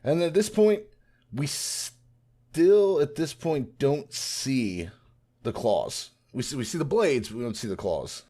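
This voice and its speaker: Dude on a podcast retelling stuff super animated, pitch all over the place, does little voices. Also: male voice. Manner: animated retelling, slipping into quick character voices. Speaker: podcast co-host. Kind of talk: casual podcast discussion.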